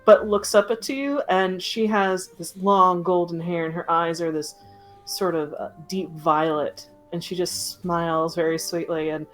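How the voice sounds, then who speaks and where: A woman's voice: on the low side, a little slow, faint music behind, low-quality recording. A woman narrating as game master, hesitant with many fillers.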